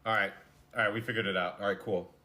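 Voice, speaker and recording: Chatty streamer man, low voice. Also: fairly even intonation, quick pace, pushed and bright. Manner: chatty, thinking aloud while packing, repeats himself. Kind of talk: casual live-stream chat.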